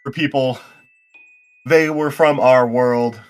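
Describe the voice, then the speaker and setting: A man's voice: mid-range voice, steady tone, slow pace, clear, resonant tone, soft background music. A man game master chatting casually on a live stream, joking with dry asides.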